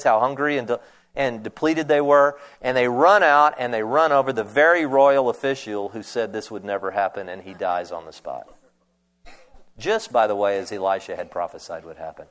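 A man preaching a sermon, retelling scripture with animated storytelling, conversational asides and restarts. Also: fairly high pitch. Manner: animated storytelling, acting out voices in retold scenes.

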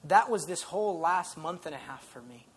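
A man preaching a sermon in an earnest, conversational way, dropping soft and then rising loud. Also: on the high side, expressive, normal speed, husky. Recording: faint background noise.

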